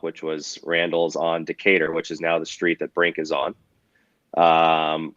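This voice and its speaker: A man's voice: deep voice, fairly bright tone, dry recording, dull audio. A man with a cold and a nasal, congested voice, chatting casually as a podcast guest over a remote line. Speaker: podcast guest, drone company employee. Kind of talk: casual conversation.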